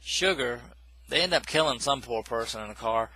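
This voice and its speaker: A man's voice: mid-range voice, moderate pace, bright, forceful tone, slightly rough, low-quality recording. A man casually recapping a film plot in a rambling, self-correcting way, with dismissive asides. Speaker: movie reviewer.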